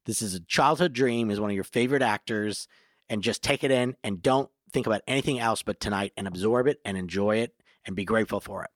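A man's voice: lowish voice, quick pace, dry recording, clean studio sound. A comedian and author, a man, telling stories as a guest in a casual podcast conversation. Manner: storytelling, animated, quotes people in put-on voices.

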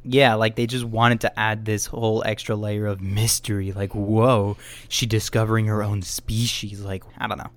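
A man casually retelling a film plot in a lively, animated way, with laughs, as one of two reviewers. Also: fairly low pitch, moderate pace, hardly any pauses. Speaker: movie reviewer. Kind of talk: casual chat.

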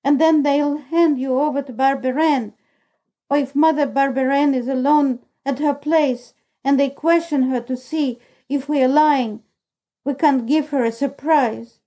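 A woman's voice: high voice, steady tone, unhurried, warm tone, low-quality recording. Woman reading a gloomy fretful boy. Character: miserable anxious young boy. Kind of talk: audiobook character reading.

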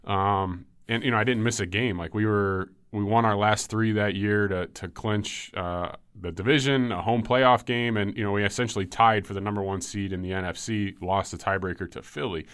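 A man in his thirties, a former football player, telling injury stories in a relaxed way with many ums. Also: lowish voice, normal speed, hardly any pauses, smooth, no echo. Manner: relaxed storytelling with frequent ums and likes. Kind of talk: casual podcast chat.

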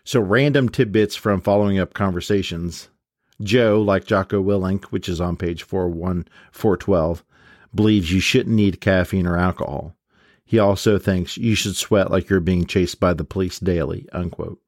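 A man's voice: low voice, normal speed, no echo, studio quality. A man giving a casual spoken summary of a book, reading out quotes and marking them with "quote" and "unquote". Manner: relaxed, with frequent fillers and restarts. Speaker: book reviewer.

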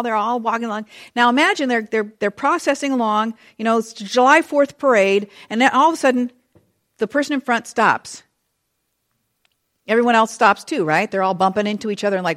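A woman teaching a Bible study in a chatty, conversational way, full of asides and lively retelling. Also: on the high side, normal speed. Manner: expressive, animated retelling.

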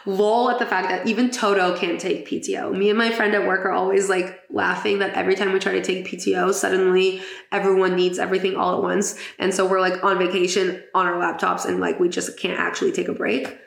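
A woman hosting a casual podcast, chatty and giggly, with plenty of fillers between her thoughts. Her voice has a gravelly fry and sits at a middle pitch, in an echoey room. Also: flat delivery, brisk. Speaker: podcast host. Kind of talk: casual chat.

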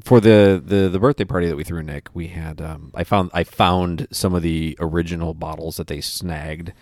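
A man with a very low voice hosts a podcast chat. He rambles eagerly, restarting his sentences often, and sounds dry and close to the mic. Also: fairly even intonation, normal speed, darkish tone, no echo. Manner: enthusiastic, rambling with many restarts. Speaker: podcast host. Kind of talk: casual chat.

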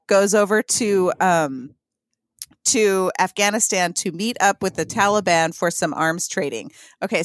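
A woman's voice: fairly low pitch, no echo, clean studio sound. A woman with a Missouri accent co-hosting a podcast, chatty and giggly as she reads from her notes. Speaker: podcast co-host. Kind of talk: casual podcast chat.

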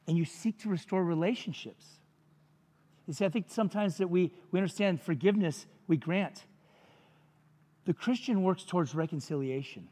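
High-voiced preacher in a reverberant hall. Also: male voice, a little mellow. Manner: conversational, jokey preaching with frequent asides. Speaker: pastor. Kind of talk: sermon.

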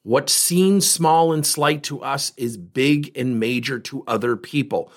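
A man's voice: medium pitch, unhurried. A man hosting a coaching podcast, talking emphatically to his listeners and asking rhetorical questions. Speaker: leadership coach and podcast host. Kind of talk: podcast monologue.

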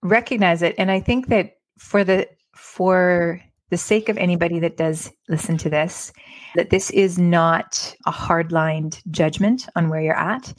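Lower-voiced woman hosting a podcast. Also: fairly even intonation, unhurried, no echo. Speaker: podcast host. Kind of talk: casual podcast chat.

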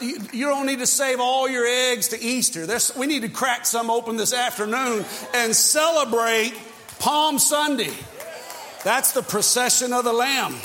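A male pastor preaching a sermon with passion, swinging from shouted peaks to hushed, quiet passages. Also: extremely high pitch, in a large hall, slight background noise.

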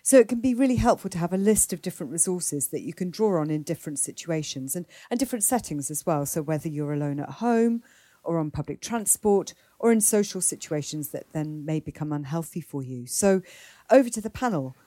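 A woman hosting a podcast panel, speaking in a calm, measured way. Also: sits low, no echo. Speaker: podcast host. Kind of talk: moderating a panel.

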